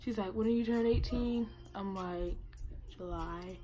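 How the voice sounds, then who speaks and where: A teenage woman telling a story to her camera, animated and profane, acting out what people said. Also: medium pitch, measured pace. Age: late teens. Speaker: vlogger. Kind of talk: casual storytime vlog. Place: indoor room by natural light.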